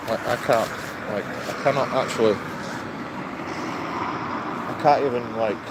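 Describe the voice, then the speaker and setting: A man livestreaming outdoors in town, rambling in an exasperated way and laughing nervously. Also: medium pitch. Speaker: livestreaming auditor. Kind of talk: rambling live-stream vlog. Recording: noisy street traffic behind.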